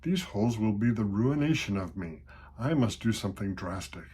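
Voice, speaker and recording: An older man with a husky voice playing a fretful, nearsighted old parson who speaks in exasperated exclamations. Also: lowish voice, expressive, moderate pace, a little mellow, slight background noise, natural voice.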